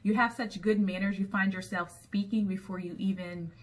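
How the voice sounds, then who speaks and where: A woman's voice: mid-range voice, fairly even intonation, moderate pace. A woman recapping a TV episode in a chatty storytelling way, with frequent ums as she goes. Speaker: TV episode reviewer.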